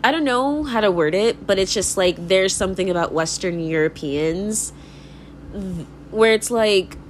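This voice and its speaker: A woman's voice: mid-range voice, measured pace, a little hiss or hum. A young woman hosting a podcast in a casual, rambling monologue, swearing freely, laughing often and filling her speech with "like.". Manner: fills speech with "like". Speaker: podcast host.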